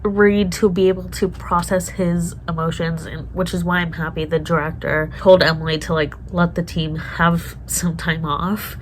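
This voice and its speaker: A woman's voice: fairly low pitch, level tone, moderate pace, hardly any pauses, slight background noise, low-quality recording. A woman vlogger reacting to a TV show in casual chat, emotional and swearing often as she talks to herself.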